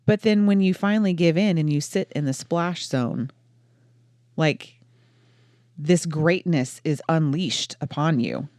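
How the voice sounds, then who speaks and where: A woman's voice: low voice, unhurried, darkish tone, no echo, clean studio sound. A woman co-hosting a casual faith podcast, talking things through in a reflective, wry way. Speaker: podcast co-host.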